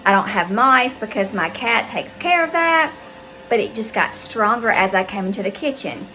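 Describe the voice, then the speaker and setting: A woman's voice: fairly high pitch, moderate pace, rough recording. Chatty Southern woman telling a story. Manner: chatty, animated storyteller addressing viewers as guys. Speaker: vlogger. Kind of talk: casual vlog storytelling. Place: her house, indoors and out.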